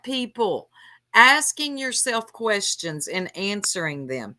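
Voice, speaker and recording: Slow-talking bright-voiced woman chatting. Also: mid-range voice, lively intonation. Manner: laughs often, reads chat names aloud. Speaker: stream host. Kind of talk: casual gossip chat.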